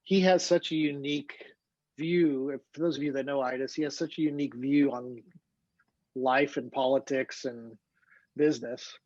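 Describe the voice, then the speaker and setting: A man's voice: mid-range voice, fairly even intonation, moderate pace, a little mellow, no room sound. Easygoing man chatting on a call. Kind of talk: casual chat. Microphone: video call. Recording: dull dry video-call audio.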